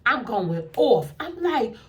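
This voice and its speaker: New woman in her 40s, kinda high voice, casual storytime, acting out the convos. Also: takes it slowly, slight background noise. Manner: animated, acts out both sides of conversations; keeps checking in with the listener. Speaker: storyteller vlogger.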